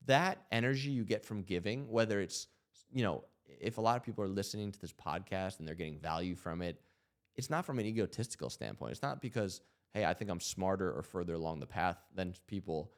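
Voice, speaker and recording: A man in his thirties with a very low, deep voice speaks earnestly on a podcast. He reflects as he tells his story, leaning on "you know" and "like" as he goes. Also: expressive, brisk. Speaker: podcast host.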